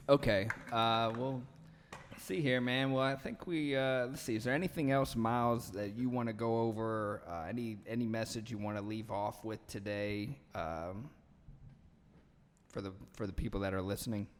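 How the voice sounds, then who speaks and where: A man's voice: lowish voice, fairly even intonation, moderate pace, slight background noise. A man hosting a casual podcast chat who rambles and fills his talk with "you know" and "like.". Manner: rambling, filler-heavy, self-interrupting. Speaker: podcast host. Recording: long echoey room reverb.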